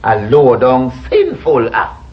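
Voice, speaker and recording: Lively Jamaican man, lo-fi TV sound. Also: medium pitch, takes it slowly. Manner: protesting, comic complaints. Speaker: sitcom actor. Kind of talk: sitcom comedy acting.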